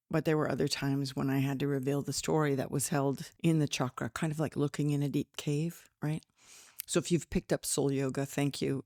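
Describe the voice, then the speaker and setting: A middle-aged woman with a low voice talks through her spiritual podcast, chatty and rambling with giggly asides. She sounds a little tired. The sound is dry and close, with no room echo. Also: creaky, darkish tone. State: tired with slight headache. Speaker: podcast host and spiritual teacher. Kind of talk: casual spiritual podcast talk.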